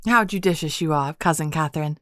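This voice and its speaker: A woman's voice: sits low, a little fast, no echo, clean studio sound, close to an everyday voice. A woman voicing a gracious, proper countess who speaks in refined, formal phrasing. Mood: hospitable.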